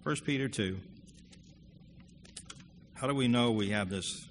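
A man preaching a sermon, earnest and conversational, growing louder when he reads scripture aloud. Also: medium pitch, slow. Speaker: pastor. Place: church hall. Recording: long hall reverb with faint room noise.

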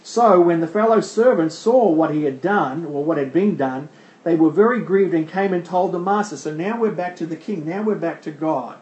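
A man's voice: fairly high pitch, moderate pace, a little mellow, echoey room, rough recording. A man preaching a sermon verse by verse, who asks the congregation rhetorical questions and answers them himself. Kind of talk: sermon explaining a scripture passage.

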